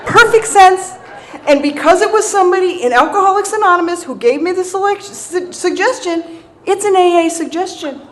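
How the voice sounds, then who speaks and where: Animated woman telling a funny recovery story. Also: extremely high pitch, fairly quick, a little hiss or hum. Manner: animated, self-mocking storyteller who laughs often; checks in with the crowd with "right?". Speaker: speaker sharing a recovery story. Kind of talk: humorous recovery talk to an audience.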